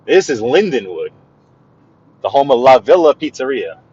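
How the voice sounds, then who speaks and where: A husky, darkish mid-range voice with big pitch swings belongs to a driving vlogger giving a live tour at normal speed. He talks casually as he drives, pointing things out, his speech rambling with restarts and playful asides. There's no echo, though the audio is a bit dull, like in-car live-stream sound.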